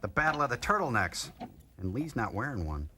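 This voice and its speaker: A man making quick wisecracks while riffing on a movie. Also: mid-range voice, big pitch swings, sharp tone, a little hiss or hum.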